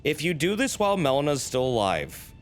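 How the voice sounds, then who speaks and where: Male gaming streamer, casual chatty commentary, animated voice, faint game music. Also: fairly high pitch, brisk. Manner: chatty, reacting and explaining the game.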